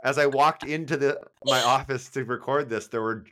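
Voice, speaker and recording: A man's voice: mid-range voice, steady tone, normal speed, a bit bright, a little hiss or hum. A man co-hosting a casual chat, rambling with self-deprecating humor and acted-out quotes. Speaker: podcast co-host.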